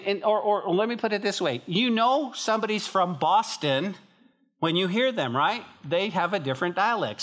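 Animated man preaching to his church. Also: sits high. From northern New Mexico. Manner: animated, emphatic conversational preaching. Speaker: pastor. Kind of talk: sermon.

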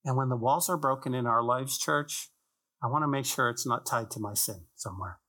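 A male pastor preaches a sermon in church, emphatic and repetitive, posing rhetorical questions and tossing conversational jokes to the congregation. His medium-pitched voice is brisk, bright, and forceful.

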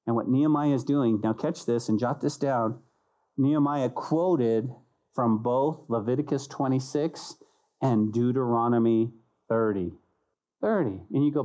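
A man, a pastor, preaching an animated sermon who acts out little voices and repeats key phrases for emphasis. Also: medium pitch, measured pace, low-quality recording. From United States.

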